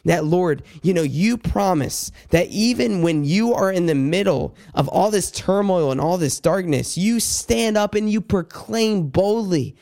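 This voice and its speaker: A man talks through a personal Bible devotional, earnest and halting, often restarting his sentences. His voice sits a little high and carries a gravelly edge. He turns now and then to speak directly to God. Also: a little mellow. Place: indoors at night.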